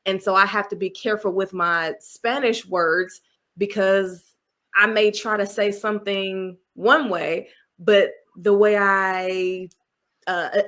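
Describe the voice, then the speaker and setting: A woman guest on a podcast, talking in an animated, expressive way about speaking and laughing easily. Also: medium pitch. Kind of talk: casual interview.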